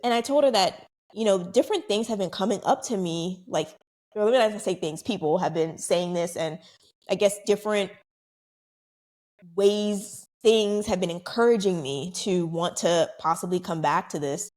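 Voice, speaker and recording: A young adult woman hosting her own podcast, telling a story in a casual, chatty way and acting out other people's lines. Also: moderate pace. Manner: chatty, animated, acts out quoted voices higher. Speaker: podcast host.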